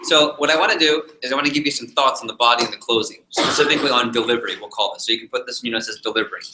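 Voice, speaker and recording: A man teaching a live sales training session, animated and jokey, repeating his key points to the group. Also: mid-range voice, rapid-fire, echoey room, noisy background. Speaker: sales trainer leading a workshop.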